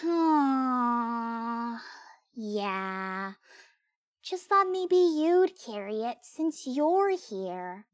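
A woman playing an eager, cheeky young girl in a full-cast audio drama, bright and excitable. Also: a little high, extremely slow, no room sound, studio quality.

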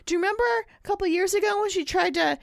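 A woman's voice: very high-pitched, quick pace, vocal fry, dry recording, clean studio sound. A woman co-hosting a podcast, telling gossip in casual chat and often trailing off mid-sentence. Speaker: podcast co-host.

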